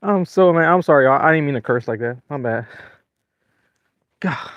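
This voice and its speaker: A man, hosting a fishing livestream from a small boat and talking casually and excitedly to his viewers. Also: medium pitch, normal speed, dry recording, dull audio. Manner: excitable, venting, apologetic. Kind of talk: casual live-stream talk to viewers. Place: small boat on open water.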